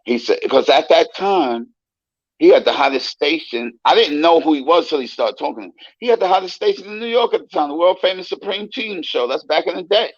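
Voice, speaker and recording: A man guest telling stories in a casual interview, animated and profane, acting out the voices he quotes. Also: a little high, brisk, no echo, highs cut off. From United States.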